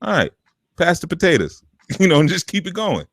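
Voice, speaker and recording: A radio host and spiritual teacher runs a live call-in advice show, talking in a streetwise, preachy, colloquial way. His slightly high, somewhat bright voice swings widely in pitch and moves a little fast, recorded in clean studio sound with no room echo.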